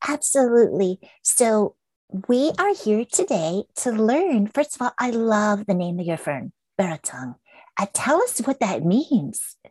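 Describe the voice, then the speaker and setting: A woman hosting an interview, effusive and quick to thank her guest. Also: medium pitch, big pitch swings, no room sound. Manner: warm, effusive, thanking often. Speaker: interview host. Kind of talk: interview conversation.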